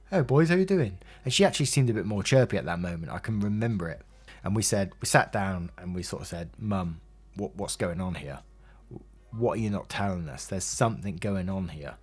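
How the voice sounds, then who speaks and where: A low-voiced man with an English accent narrates a personal story for YouTube. He's candid and emotional, rambling along with lots of fillers.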